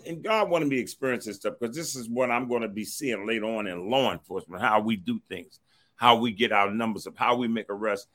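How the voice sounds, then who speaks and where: Animated middle-aged man telling a story. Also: lowish voice. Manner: animated, acts out others' quoted words, repeats a stock phrase to move on. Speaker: storyteller recounting his past. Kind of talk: personal storytelling.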